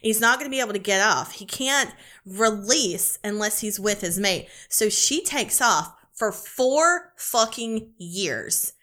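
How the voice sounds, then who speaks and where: Woman podcast co-host, bright tone, enthusiastic and profane book pitch. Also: a little slow, few pauses. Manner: excited, gushing, swears freely. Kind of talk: casual chat about romance books.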